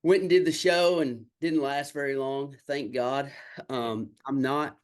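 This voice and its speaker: A man with a drawl, a country songwriter, spins stories about his road to music in a casual chat. His voice sits at an ordinary middle pitch, and he tells it in a candid, salty way, playing out each quoted exchange as he goes. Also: steady tone, a little slow. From Kentucky. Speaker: country singer and songwriter guest. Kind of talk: casual storytelling interview.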